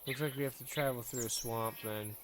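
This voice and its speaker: A man's voice: medium pitch, fairly even intonation, a little fast, noisy background. A man hosting a gaming video, chatting to himself and his viewers as he plays. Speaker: gaming channel host. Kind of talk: let's play commentary.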